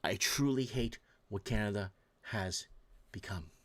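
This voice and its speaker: A man's voice: lowish voice, unhurried, a bit bright. A man from Portugal hosting a late-night call-in show, ranting with heated emphasis and reading out viewer messages. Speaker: talk show host.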